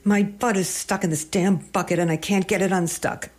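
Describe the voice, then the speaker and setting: A man's voice: extremely high pitch, huge pitch swings, measured pace, pitched above the performer's own voice, full character voice. A man voicing a flustered, angry woman who snaps in exasperation. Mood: desperate. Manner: snappish and exasperated.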